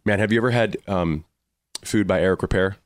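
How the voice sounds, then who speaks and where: Man, very low voice, dry close sound, relaxed and rambling, interview guest. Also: a little fast, no echo. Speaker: guest chef. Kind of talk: casual interview chat.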